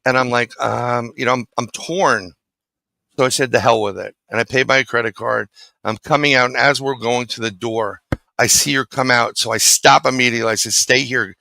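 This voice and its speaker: A man's voice: mid-range voice, steady tone, normal speed, gravelly, pushed and bright, dry recording, rough recording. A middle-aged man from New City, telling a story as a guest in a casual interview and acting out the dialogue. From New York City.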